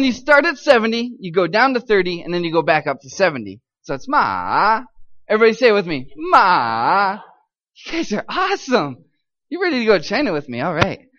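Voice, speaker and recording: A man's voice: sits high, a bit bright. A man giving an upbeat missions talk at a church gathering, leading the audience in call-and-response and cheering them on. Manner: upbeat, encouraging, coaxing the crowd to repeat. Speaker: missions speaker. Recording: slightly muffled lo-fi recording.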